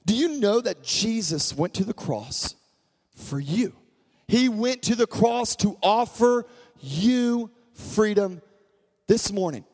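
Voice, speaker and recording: A pastor preaches emphatically in a voice that sits high, repeating key phrases and swinging between loud and hushed.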